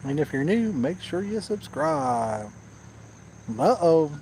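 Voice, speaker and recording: A man's voice: high-pitched, sing-song, takes it slowly, vocal fry, a little mellow, a little hiss or hum, rough recording. A man hosting a live fishing stream outdoors at night, reading viewer comments aloud and teasing his co-host. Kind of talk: casual live-stream chat.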